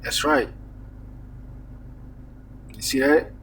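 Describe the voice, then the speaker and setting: A man preaching in an unhurried, casual way, reading verses and then explaining them. His voice is a bit husky and sits fairly high for a man. He sounds set back from the microphone. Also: fairly bright tone, far from the mic. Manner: reads verses aloud then comments, adds "man" and "all right?". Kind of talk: informal scripture teaching.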